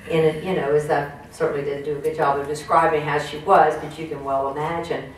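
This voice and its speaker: A woman's voice: sits low, little pitch movement, a little fast. A woman giving a folksy motivational talk to a room, often putting questions to the audience. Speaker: speaker at a women's business network. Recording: echoey room, distant mic, faint noise.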